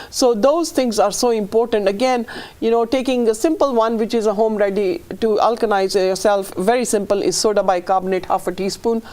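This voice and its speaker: A woman's voice: mid-range voice, a little mellow. A middle-aged woman, a fertility practitioner interviewed as a guest, talking in an earnest, emotional way with many restarts. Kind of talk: conversational interview.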